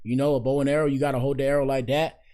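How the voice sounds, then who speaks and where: This young male host of a relaxed live-stream show fires off words rapidly in a medium pitch. Full of loose slang and animation, he responds out loud to clips and talks back at his monitor.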